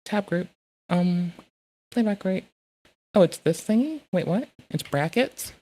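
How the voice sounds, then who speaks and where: A woman streaming live, chatting casually and swearing while she fiddles with her software and reads messages aloud. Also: lowish voice, expressive, unhurried, long pauses.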